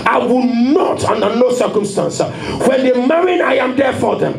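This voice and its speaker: High-pitched shouting preacher man. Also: lively intonation, normal speed, vocal fry, slight background noise. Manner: emphatic, repetitive, often shouting. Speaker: pastor. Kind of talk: impassioned sermon. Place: conference hall. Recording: echoey hall.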